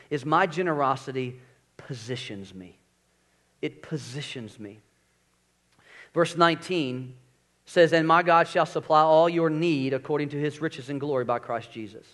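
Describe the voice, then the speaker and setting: A middle-aged man preaching a sermon in church, energetic, swinging between loud emphasis and quiet low asides. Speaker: pastor. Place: church sanctuary.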